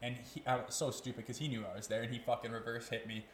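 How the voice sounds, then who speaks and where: A relaxed Canadian man in his thirties telling long hockey stories on a podcast, loose and profane, with laughter running through his talk. His voice sits in an ordinary middle range. The room is echoey, and faint ambient noise hangs behind him. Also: mid-range voice, fast. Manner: laid-back, swears a lot, laughs through his stories. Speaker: podcast guest, former pro hockey player. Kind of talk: casual storytelling chat.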